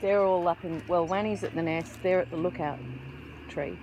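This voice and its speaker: A young woman feeds wild kookaburras among the trees, cooing to them like pets and muttering side comments into a camera held beside her. Her voice is on the low side and darkish, with fairly even intonation and a slightly fast pace. A little hiss or hum runs under this relaxed outdoor vlog chat.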